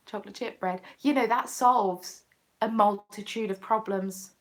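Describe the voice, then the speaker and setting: A woman's voice: mid-range voice, unhurried. Chatty English woman with muttered asides. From England. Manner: playful and chatty, muttering asides under her breath. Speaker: crafting vlogger hosting a chat. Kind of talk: casual chat.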